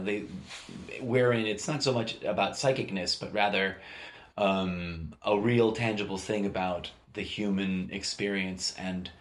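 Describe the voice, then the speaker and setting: A man hosting a solo podcast, thinking aloud in a meandering, hesitant way with many fillers and restarts, recorded in a room at home. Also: fairly low pitch. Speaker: podcast host. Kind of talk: rambling solo podcast monologue. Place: home room used as studio. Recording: echoey room.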